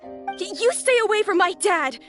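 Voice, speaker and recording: A small, determined daughter with a very high, bright, childlike voice. She speaks with earnest conviction. Faint music plays behind. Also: lively intonation, normal speed.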